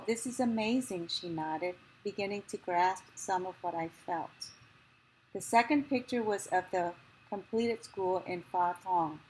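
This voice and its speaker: A woman reading a memoir passage aloud, in a slow, measured and gentle way. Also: on the low side, slight background noise, low-quality recording.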